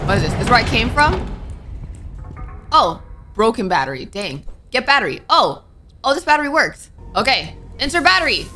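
Game music plays behind a young woman who streams her gameplay, commenting to herself and jumping with jittery exclamations. Her pitch is fairly high.

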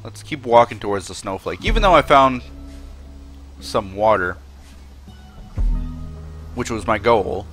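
A man's voice: on the low side, animated, a little slow, pauses often, a bit bright, soft background music. A young man narrating his gameplay, talking tenderly and emotionally to the animals on screen. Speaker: gaming video host. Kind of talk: let's play commentary.

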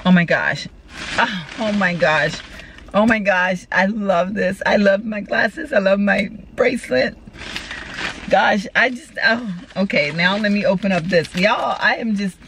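Sitting in a parked car, where road noise comes through, this Texas vlogger opens gifts on camera and chats effusively with her audience. She has a mid-range, slightly bright voice and takes her time, exclaiming often and thanking everyone warmly.

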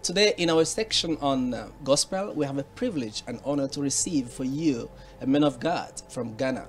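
A man hosting an English-language talk show, asking questions in a halting, formal way with frequent fillers. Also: medium pitch, expressive. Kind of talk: interview hosting.

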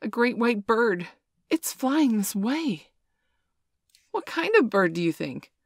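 A frantic young boy cries out in a high, urgent voice in a storybook reading, as a woman puts him on. The sound is close and dry. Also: big pitch swings, takes it slowly, vocal fry, dry recording, full character voice. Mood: excited.

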